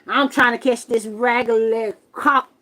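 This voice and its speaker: A woman hosting a livestream, telling a story to her viewers in a loud, profane, exasperated rant from her camper. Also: fairly high pitch, fairly even intonation, unhurried, low-quality recording. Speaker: livestream host.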